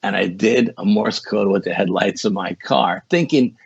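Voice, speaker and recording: A man with a low, husky voice tells a story as a podcast guest. He rambles along casually and keeps saying 'you know'. The sound is dull and lo-fi, with a dry room. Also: moderate pace, dry recording. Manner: rambling, repeats words and says 'you know' often.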